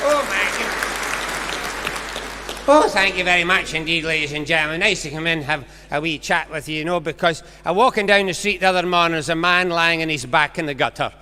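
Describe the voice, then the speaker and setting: A man with a Scottish accent telling stand-up jokes on stage in a concert hall, with brisk, punchy setups. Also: a little high, bright, forceful tone, a faint crowd, slight background noise. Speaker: comedian. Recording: long concert hall reverb.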